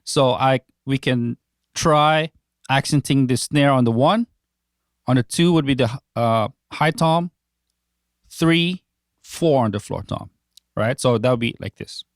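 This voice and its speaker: A man teaching a drum lesson, explaining patterns calmly step by step. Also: mid-range voice, unhurried, pauses often, dry recording, studio quality.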